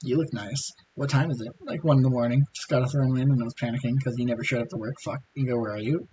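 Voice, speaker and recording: A hoarse man reading a tired, anxious young woman's lines, blunt and swearing. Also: medium pitch, fairly even intonation, rapid-fire, warm tone, a little hiss or hum, natural voice, low-quality recording.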